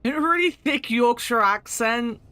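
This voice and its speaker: A woman's voice: fairly high pitch, lively intonation, a little slow, sharp tone, smooth. A woman streamer giving casual, jokey commentary on a game, blunt and swearing freely.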